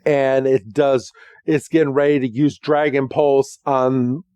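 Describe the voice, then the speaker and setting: A man's voice: mid-range voice, flat delivery, warm tone, clean tone, no echo. A man hosting a podcast, recapping a cartoon episode in a casual, chatty way with plenty of ums. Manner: chatty, with frequent ums and quick acted quotes. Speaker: podcast host.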